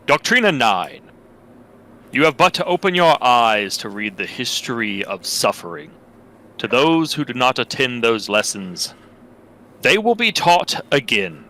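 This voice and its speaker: A man's voice: medium pitch, animated, measured pace, sharp tone, rough recording. A man playing a tabletop role-playing game, speaking partly in character. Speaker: player. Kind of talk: casual tabletop play.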